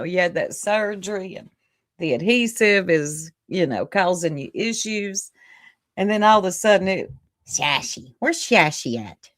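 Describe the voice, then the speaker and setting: A woman livestream host talks at an unhurried, easygoing pace, chatting casually with her viewers. She greets people by name and laughs often. Her voice sounds close and dry, with little room sound. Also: medium pitch, no room sound. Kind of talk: casual chat with live viewers.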